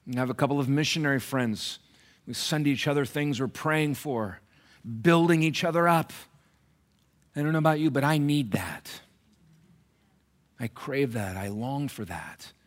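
A male pastor preaching a sermon in a church, earnest and personal, moving between raised emphasis and hushed, near-whispered passages. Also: medium pitch, moderate pace, pauses often. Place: church sanctuary.

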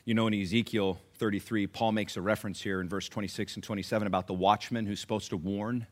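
A middle-aged male pastor preaching a sermon, swinging from loud exhortation to hushed, near-whispered pleading, with emphatic repetition and slow, drawn-out stresses. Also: fairly low pitch, fairly even intonation.

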